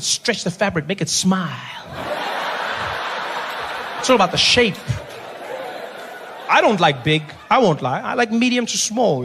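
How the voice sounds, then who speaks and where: A man with a South African accent doing live stand-up comedy. He talks in an animated way, with big swings in his voice as he acts out characters. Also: high voice. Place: stage before a live audience. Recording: live club recording with crowd noise and laughter. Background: audience laughter.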